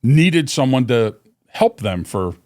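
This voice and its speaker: A man's voice: mid-range voice, takes it slowly. Man telling work stories, lots of "uh". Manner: rambling, many fillers and restarts, animated when quoting. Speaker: guest, company vice president. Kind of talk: casual storytelling in a podcast interview.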